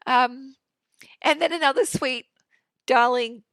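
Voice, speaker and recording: A woman's voice: sits high, slow, fairly bright tone, no room sound. A woman, hosting her own podcast in a chatty, effusive, sweary way from a home studio. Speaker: podcast host. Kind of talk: casual solo podcast monologue.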